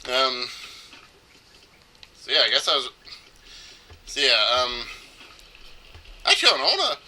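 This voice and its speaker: Bright-voiced young man commentating gameplay. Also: medium pitch, wildly swooping pitch, unhurried, a little hiss or hum. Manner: joking, rambling, frequent fillers. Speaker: let's player.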